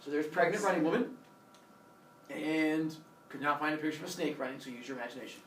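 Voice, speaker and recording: A man's voice: on the high side, quick pace, a little hiss or hum. A man telling a Greek myth as a comic classroom lesson, doing silly voices for the characters. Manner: animated, does silly voices for each character. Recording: echoey room from far off, faint ambience.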